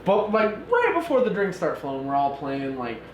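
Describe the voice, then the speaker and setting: A man's voice: a little high, moderate pace, muffled recording. A married man co-hosting a podcast, telling stories in a casual way, with fillers and some swearing. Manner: relaxed storyteller with fillers, swears, laughs at himself. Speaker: podcast co-host. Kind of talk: casual chat. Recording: echoey room with faint noise.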